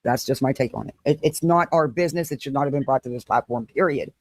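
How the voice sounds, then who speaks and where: A woman's voice: very deep voice, no echo, clean studio sound. A woman on a livestream panel stating her stance firmly and plainly. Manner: firm, measured, states her stance plainly.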